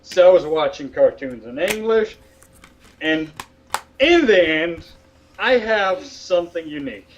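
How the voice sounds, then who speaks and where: High-voiced man, blunt and lo-fi. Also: sing-song, a little hiss or hum. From Latvia. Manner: blunt, swears, fast bursts. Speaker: podcast co-host. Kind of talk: casual chat. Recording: dull lo-fi audio.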